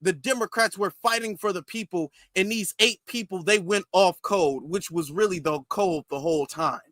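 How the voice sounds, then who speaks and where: A man's voice: high voice, moderate pace, fairly bright tone, no echo, clean studio sound. A man hosting political commentary, reacting to news clips and mocking politicians with a sarcastic edge. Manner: sarcastic, mocks politicians in mimicking voices.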